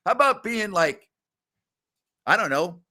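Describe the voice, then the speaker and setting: A man hosting a sports radio show, ranting loudly and sarcastically. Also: sits high, sing-song, measured pace.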